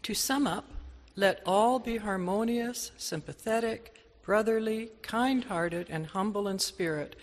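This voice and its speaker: A woman reading scripture aloud in church in a measured, careful way. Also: medium pitch, in a large hall. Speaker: scripture reader. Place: church sanctuary.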